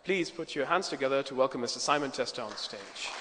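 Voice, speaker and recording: A man's voice: mid-range voice, lively intonation, fast, noisy background. Man emceeing a conference in a reverberant hall. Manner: conversational, with fillers and polite asides. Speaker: conference moderator. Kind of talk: introducing speakers. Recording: echoey hall, long reverb.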